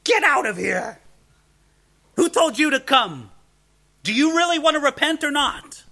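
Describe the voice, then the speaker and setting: A preacher acting as a fiery scolding prophet. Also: male voice, very high voice, big pitch swings, measured pace, voice pushed up, heavily acted. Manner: shouting, mocking. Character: fiery male desert prophet scolding leaders.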